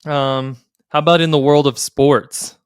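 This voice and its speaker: A man's voice: a little high, little pitch movement, unhurried, smooth, dry recording, studio quality. A man co-hosting a casual podcast conversation, playfully quizzing his co-host like a game show.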